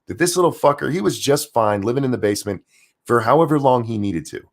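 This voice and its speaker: A man hosting his own channel, giving a heated, profane and sarcastic political rant, jumping between loud outbursts and low muttered asides. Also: lively intonation, fast talker. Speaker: streamer and channel host. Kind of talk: angry political commentary rant.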